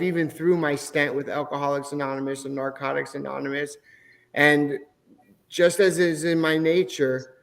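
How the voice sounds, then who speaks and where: A middle-aged man, a podcast guest, telling his personal faith testimony in an earnest, emotional way. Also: on the high side. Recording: long hall reverb.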